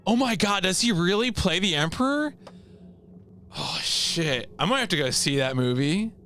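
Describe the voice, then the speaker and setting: A man streaming a video game, chatting casually with viewers in an animated way and laughing often. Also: high-pitched, moderate pace, a little hiss or hum.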